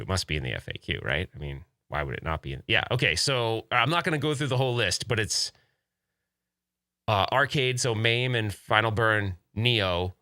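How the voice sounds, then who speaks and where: A man's voice: lowish voice, pushed and bright, dry recording, clean studio sound. A man hosting a casual podcast, talking in an enthusiastic, rambling way with many restarts. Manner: rambling, self-interrupting, enthusiastic. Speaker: podcast host.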